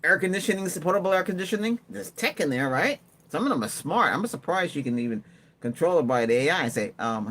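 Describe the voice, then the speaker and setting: Chatty man with a lively voice. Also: a little high, quick pace. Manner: rambling, chatty, answers viewer comments, laughs often. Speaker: livestream host. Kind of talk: casual livestream chat.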